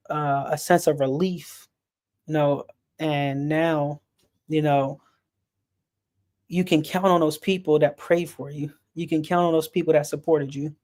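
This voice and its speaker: On a sports and mental health stream, a man speaks earnestly in a casual, personal way, his voice a bit higher than most men's and darkish in tone. His delivery is level and unvaried, and he often repeats a word or two while searching for what to say.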